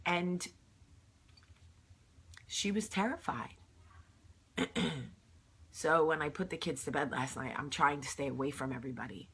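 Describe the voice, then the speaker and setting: Husky-voiced sick woman telling a story. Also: low-pitched, measured pace, long pauses, a bit bright. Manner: earnest, heartfelt retelling. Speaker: vlog host. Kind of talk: casual storytelling to camera.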